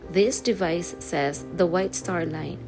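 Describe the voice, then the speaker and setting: A woman reading the lines of a polite, well-spoken teenage boy in a measured way. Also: sits high, music in the background. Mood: explaining.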